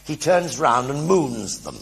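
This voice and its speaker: An older man telling anecdotes in a one-man stage show before an audience, animated and acting out the voices of everyone in his stories. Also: mid-range voice, slow, vocal fry, noisy background. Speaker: stage performer.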